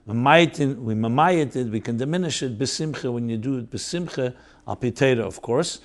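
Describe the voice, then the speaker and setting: A host and teacher of Chassidic thought gives an earnest, explanatory religious lecture, weaving in Hebrew terms and explaining each one. His voice is medium-pitched and brisk.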